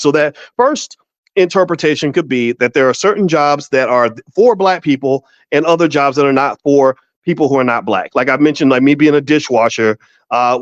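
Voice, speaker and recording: A middle-aged finance educator hosts his show, talking directly to the camera in a casual, emphatic way. He restarts sentences often and tells stories with exaggerated voices. His pitch is fairly high, and the recording is dry, dull, lo-fi, and echo-free.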